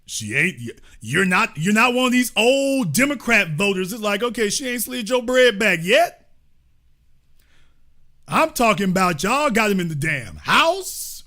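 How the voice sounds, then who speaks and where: A man's voice: high voice, big pitch swings, moderate pace, pushed and bright. A man hosting a profane, comedic political rant, often acting out the voices of the people he quotes. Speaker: political commentary host.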